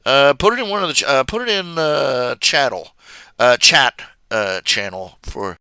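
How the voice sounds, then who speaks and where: A man's voice: medium pitch, lively intonation, moderate pace, pushed and bright, clear, resonant tone, dry recording. A man chatting casually on his live stream, rambling with many fillers and restarts.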